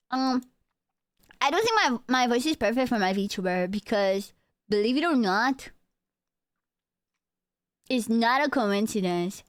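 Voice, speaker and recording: A woman's voice: a little high, expressive, a little slow, pauses often, no room sound, soft background music. A young woman VTuber streamer chatting casually and playfully with her chat on a close mic. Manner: playful, joking, talks to chat.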